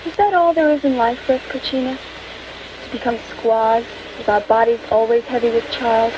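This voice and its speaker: An actress playing a young Native maiden in a 1960s western film, delivering her lines in a stilted, halting way. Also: fairly high pitch, fairly even intonation, natural voice. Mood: yearning. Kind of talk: 1960s low-budget western film dialogue. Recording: noisy film soundtrack clip.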